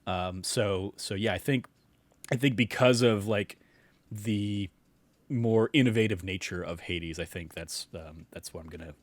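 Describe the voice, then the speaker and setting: Young male podcast co-host, lowish voice, loose, filler-heavy delivery, dry recording. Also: a little slow, no echo. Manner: rambling, many fillers and restarts. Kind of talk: casual chat.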